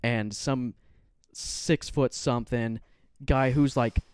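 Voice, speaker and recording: A man's voice: medium pitch, fairly even intonation, slow, darkish tone, clean tone, no room sound. A man hosting a podcast in casual chat, telling profane stories and laughing often. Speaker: podcast host.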